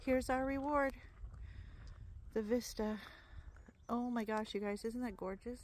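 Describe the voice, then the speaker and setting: A woman's voice: on the high side, steady tone, a little slow, darkish tone, slight background noise. Gushing woman vlogging on a hike. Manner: gushing, enthusiastic. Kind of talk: casual hiking vlog narration. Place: outdoor forest trail.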